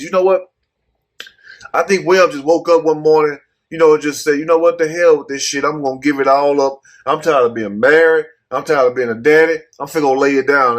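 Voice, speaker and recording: A man giving blunt, profane casual commentary while reading out a news story. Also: on the high side. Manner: blunt, cussing, rhetorical asides. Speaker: commentary host.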